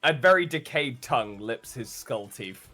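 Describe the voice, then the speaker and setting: A man narrating a tabletop game as game master, telling the action with animated flair, plenty of "uh"s and frequent laughs. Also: mid-range voice, normal speed, soft background music. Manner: animated storytelling, laughs often, many "uh"s.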